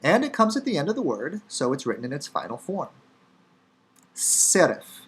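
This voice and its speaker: A man's voice: a little high, huge pitch swings, fast, a bit bright, husky. A man with a Chicago accent teaching the Hebrew alphabet in a casual, wry lecture with frequent fillers. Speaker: Hebrew instructor. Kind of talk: recorded lecture.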